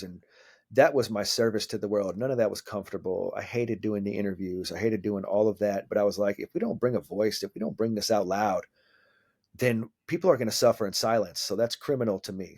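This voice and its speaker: A man in his forties, a mental skills coach, talking casually in an interview, animated and swearing freely as he acts out what people said. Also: on the low side.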